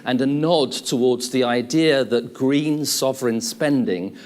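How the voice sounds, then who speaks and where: A middle-aged man giving an academic conference talk, lecturing in a measured way with lists and restatements. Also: mid-range voice, a little mellow. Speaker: conference speaker.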